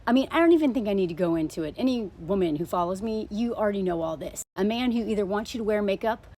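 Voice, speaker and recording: A woman's voice: medium pitch, lively intonation, fast talker, mellow. A woman in her thirties giving casual, blunt and sarcastic commentary on a dating show. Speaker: social media commentator.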